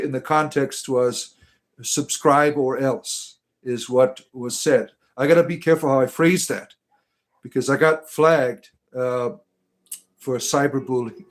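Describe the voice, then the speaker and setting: A man hosting a satirical livestream, reading comments aloud and answering them with sarcastic taunts and mock-grandiose proclamations. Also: mid-range voice. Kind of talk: mocking comedic livestream commentary.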